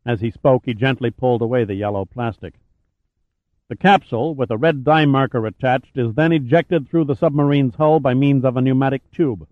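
A man reading an audiobook in a measured, even voice. The sound is narrow and phone-like, like a telephone line. The recording is completely dry, with no room around the voice. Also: mid-range voice, no echo. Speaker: audiobook narrator. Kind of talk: scripted narration.

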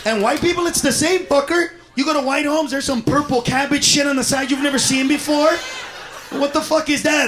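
A man performing a profane stand-up comedy set, loud and brash, jumping between shouted bits and muttered asides. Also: very high voice, fairly even intonation, a little fast, background noise. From United States.

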